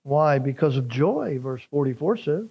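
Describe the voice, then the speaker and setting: A man's voice: on the high side, expressive, normal speed, creaky, a little mellow, slightly rough. A man preaching a sermon as a pastor, earnest and building emphasis as he explains scripture, with small repeats and restarts.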